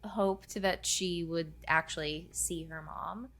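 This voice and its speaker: A woman co-hosting a podcast in casual chat, her voice on the low side for a woman. She speaks softly and thoughtfully, weighing her words. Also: fairly even intonation, slow. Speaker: podcast co-host.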